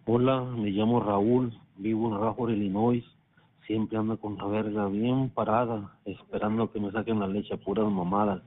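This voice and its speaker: A man leaving a brisk, matter-of-fact chatline greeting. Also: lowish voice, level tone. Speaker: chatline caller. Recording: tinny phone line.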